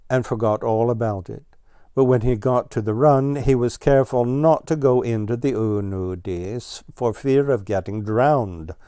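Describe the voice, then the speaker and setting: A man narrates a children's storybook in a gentle, even manner. He reads slowly in a dark, mellow voice. The recording is dry and close, with no room sound. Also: mid-range voice, no echo. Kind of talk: storybook read-aloud.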